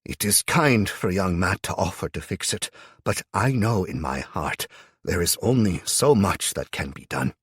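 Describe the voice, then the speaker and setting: A man's voice: sits low, animated, measured pace, husky, no room sound, studio quality, exaggerated voice. A man voicing a stoic, injured old man in an audiobook, formal and kindly in manner. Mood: wry, stoic.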